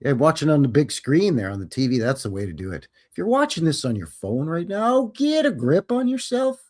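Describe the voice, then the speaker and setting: A man's voice: on the high side, very animated, a little fast. A man hosting a live show, chatting casually and greeting viewers by name. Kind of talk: casual livestream chat.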